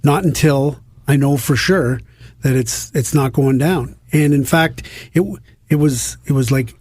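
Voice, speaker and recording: A man's voice: mid-range voice, measured pace, a little mellow, dry recording. A middle-aged man from Canada, a hockey insider, telling self-deprecating stories on a podcast in a studio. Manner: self-deprecating anecdotes with restarts. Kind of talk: casual podcast storytelling.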